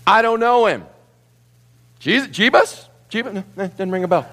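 A man's voice: a little high, huge pitch swings, fairly quick, pitched above the performer's own voice. A man voicing a flustered man playing dumb. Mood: evasive. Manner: flustered, evasive. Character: frightened man denying his friend.

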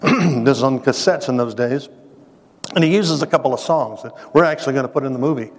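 Speaking a little fast in a mid-range voice, this man gives a heartfelt, forceful testimony in the manner of a sermon and addresses the audience head-on. Long hall reverb surrounds his voice.

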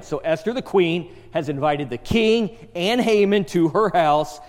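A man preaching a sermon, reading scripture and retelling it with animated storytelling. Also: sits high, measured pace, few pauses. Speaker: pastor. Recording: long hall reverb.

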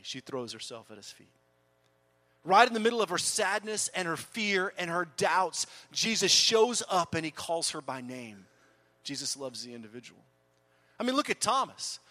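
A middle-aged man preaching a sermon as pastor, dramatic, swinging from loud urging to soft hushed words. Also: a little high.

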